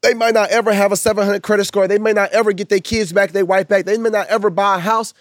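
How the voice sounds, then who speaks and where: Man, high voice, rapid preacher-like delivery, repeated lists, dry close sound. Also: little pitch movement, no room sound. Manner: emphatic, preacher-like, builds long repeated lists. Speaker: guest speaker and minister. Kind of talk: casual podcast conversation.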